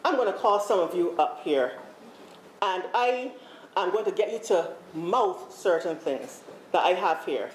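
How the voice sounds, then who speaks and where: A woman's voice: on the low side, animated, unhurried. A Barbadian woman leading a workshop on deafness, talking animatedly to a room and repeating herself as she calls people up. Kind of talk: lively live workshop talk to a group. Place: large room with an audience. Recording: echoey room, faint background noise.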